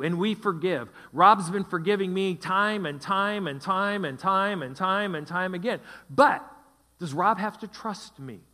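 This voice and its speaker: A man's voice: high voice, sharp tone. A middle-aged man preaching a sermon as pastor, emphatic and repeating phrases for stress. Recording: long hall reverb.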